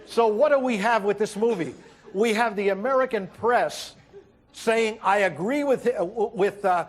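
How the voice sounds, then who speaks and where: A man delivering a wry stand-up monologue as host, telling stories and acting out quotes with halting fillers. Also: sits high. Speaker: comedian host. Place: TV studio with audience.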